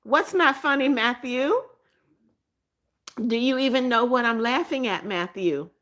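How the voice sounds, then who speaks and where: A woman's voice: a little high, unhurried. Woman live-streaming, laughing through chat. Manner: laughs often, warm greetings and blessings to viewers; repeats phrases, scolds gently. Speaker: livestream host reading chat.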